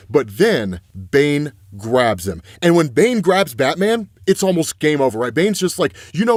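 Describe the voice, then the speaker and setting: A young man recapping a comic book story in an excited, chatty way, often asking "right?" as he goes. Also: on the high side, no room sound, clean studio sound. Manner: excitable, keeps saying "right?".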